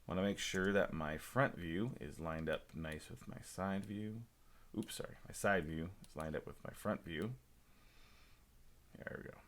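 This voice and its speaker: A man teaching a high school class through a screen-recorded software demo, talking to himself as he works and adding small jokes. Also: a little slow. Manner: talks to himself while working, relaxed asides and small jokes.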